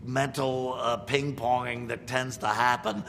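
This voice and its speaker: A man's voice: mid-range voice, level tone, unhurried, gravelly, fairly bright tone, long reverb tail, slight background noise. A middle-aged man, a voice actor, giving wry, playful commentary on impressions of his characters. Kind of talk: casual reaction commentary.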